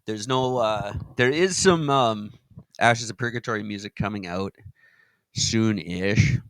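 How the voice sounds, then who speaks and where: A man's voice: on the low side, measured pace, dry recording, low-quality recording. A man hosting a casual podcast chat, rambling and jokey.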